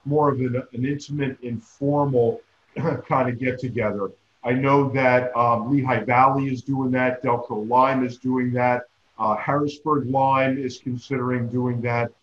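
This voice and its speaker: A man's voice: mid-range voice, slight background noise. Man host wrapping up in a roomy room. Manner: measured, appreciative, halting with "um". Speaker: host of a support network webinar. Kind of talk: closing announcements. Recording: roomy dull video call audio.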